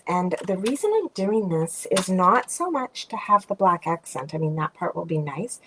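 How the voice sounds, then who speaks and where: A woman demonstrating card making, chatting casually and thinking aloud as she works, sometimes dropping to a soft murmur. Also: fairly low pitch, slightly rough, rough recording. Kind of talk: casual craft tutorial narration.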